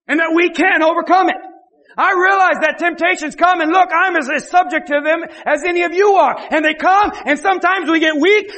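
A male pastor preaching an impassioned sermon, often shouting and repeating his phrases. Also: very high voice, in a large hall.

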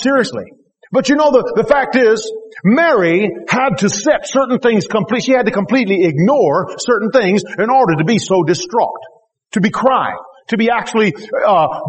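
A man's voice: very high-pitched, long reverb tail. A man preaching a sermon, reading scripture aloud and then exhorting animatedly with emphatic rhetorical questions. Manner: animated, rising to emphatic exclamations.

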